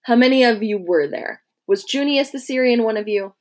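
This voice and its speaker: A gruff Roman centurion barking orders, raised and hard-edged, full of scorn for his captive, as a woman reading a story puts him on. His voice climbs sharply when he shouts. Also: a little high, moderate pace, voice pushed up, lightly acted. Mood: contemptuous.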